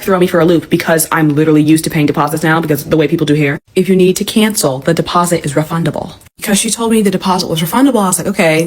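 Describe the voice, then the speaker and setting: A young woman vlogger telling a storytime in an animated, exasperated way, swearing as she goes. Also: on the low side. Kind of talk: storytime vlog.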